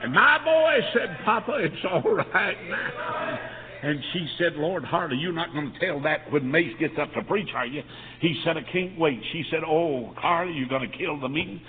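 A man preaching a revival sermon, telling stories that rise into shouted climaxes. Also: on the high side, brisk. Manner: storytelling, building to shouted climaxes. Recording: tinny lo-fi recording in a reverberant hall.

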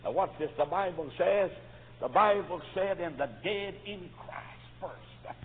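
A preacher delivering a revival sermon, swinging from hushed storytelling to loud fervent shouts. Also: male voice, high voice, unhurried. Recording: tinny lo-fi recording in a reverberant church.

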